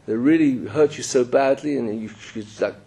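A man's voice: medium pitch, moderate pace, vocal fry, warm tone, husky. A man giving a Torah sermon in an emphatic, storytelling way. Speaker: rabbi.

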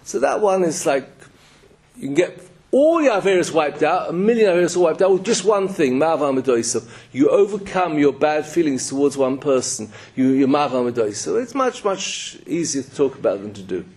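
A man's voice: fairly high pitch, big pitch swings, normal speed, a little mellow, slightly rough. A man giving a Torah sermon in an emphatic, storytelling way. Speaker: rabbi.

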